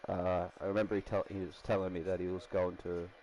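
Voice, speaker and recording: Aussie bloke streaming a footy game, lowish voice, rambly and chuckly. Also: male voice, little pitch movement, quick pace, a little mellow, rough recording. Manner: rambling, laughs often, self-correcting. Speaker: gaming streamer. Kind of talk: casual gaming commentary.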